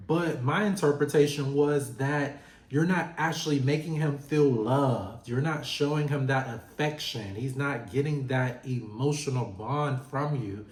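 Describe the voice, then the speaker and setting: A man's voice: medium pitch, a little slow. A man giving a chatty recap of a reality show, talking straight to the people on it as if they could hear him. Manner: chatty, talks straight to the show's cast. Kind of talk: casual recap commentary. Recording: roomy echo.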